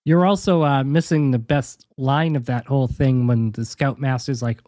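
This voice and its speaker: A man's voice: mid-range voice, moderate pace, few pauses, a little mellow, dry recording, studio quality. A man co-hosting a podcast, chiming in with comments in casual chat. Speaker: podcast co-host.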